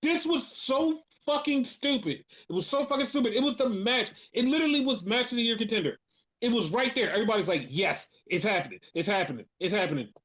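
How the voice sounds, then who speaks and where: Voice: medium pitch, lively intonation, quick pace, fairly bright tone, highs cut off. A podcast co-host in casual chat, ranting animatedly and swearing a lot.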